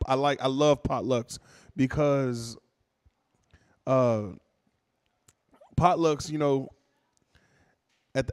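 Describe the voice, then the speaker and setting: A man's voice: medium pitch, clear, resonant tone, no room sound. A man doing a stand-up comedy set, telling stories casually and acting out voices. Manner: casual, animated storytelling with character voices.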